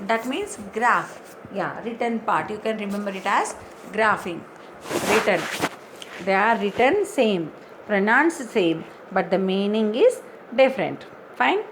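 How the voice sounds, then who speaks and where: A woman teaching words in an online lesson, slowly spelling words out letter by letter. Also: medium pitch, animated, background noise. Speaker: English teacher.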